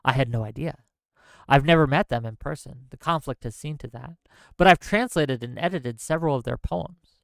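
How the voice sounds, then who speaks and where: A man's voice: mid-range voice, normal speed, gravelly, fairly bright tone, no echo. A man hosting a political commentary stream, ranting heatedly with profanity and reading an essay aloud. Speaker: stream host.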